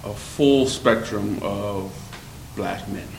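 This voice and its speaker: Male interviewer, slow and deliberate, lowish voice, roomy echo and faint hiss. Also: creaky. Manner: deliberate, hesitant with fillers. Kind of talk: measured interview questions.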